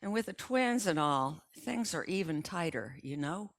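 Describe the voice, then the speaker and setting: An older woman reads a short story aloud to her neighbors, telling it in a chatty first-person voice. Her voice sits low, easy and conversational. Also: expressive, unhurried. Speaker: resident reader.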